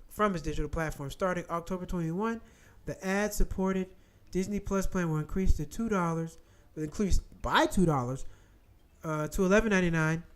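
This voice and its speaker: High-voiced man ranting. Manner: animated, profane, repetitive rant. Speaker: commentary channel host. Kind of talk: ranting commentary, reading headlines.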